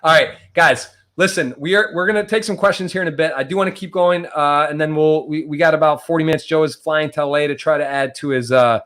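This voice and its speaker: A man's voice: fairly high pitch, fast talker, few pauses, a bit bright. A man hosting a podcast, asking chatty, rambling questions in a casual interview. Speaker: podcast host.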